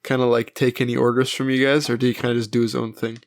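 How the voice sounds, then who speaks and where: Young guy cohost, talks fast and pretty flat, dry mic, jumping in with quick comments. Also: mid-range voice, no room sound. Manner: quick reactive interjections. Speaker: podcast co-host. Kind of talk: casual chat.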